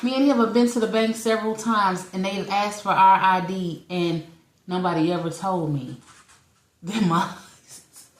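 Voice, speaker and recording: A woman in her forties with a medium-pitched voice and normal pace shares a long personal story on a podcast she co-hosts, keeping it a casual chat. She acts out quotes with animation and laughs a lot, in an echoey-sounding room.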